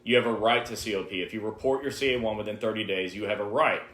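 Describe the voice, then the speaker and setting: A man co-hosts a live question-and-answer stream, his voice sitting on the low side. He gives direct, emphatic advice and repeats key points. The room around him rings with echo. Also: fairly even intonation, fast talker, fairly bright tone. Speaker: co-host answering viewer questions. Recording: roomy, echoey live stream.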